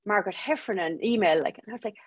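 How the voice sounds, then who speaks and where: A young adult Irish woman telling her story as a podcast guest, lively and laughing as she acts out what people said. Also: mid-range voice, rapid-fire, slightly rough, dry recording. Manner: lively, laughing storyteller acting out quoted voices. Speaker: guest author. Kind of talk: storytelling interview.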